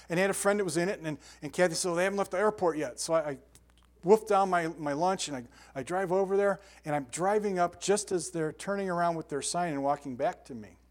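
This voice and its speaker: An older man giving a sermon as pastor, telling lively stories with sound effects and asides. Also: high voice, brisk.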